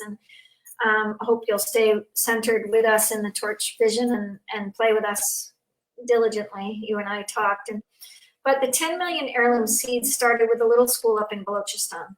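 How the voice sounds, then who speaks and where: A woman hosting a spiritual talk show, speaking earnestly and affirmingly in a fairly high voice. She sits well back from the microphone, in a room that echoes. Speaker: host. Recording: echoey, distant from the mic.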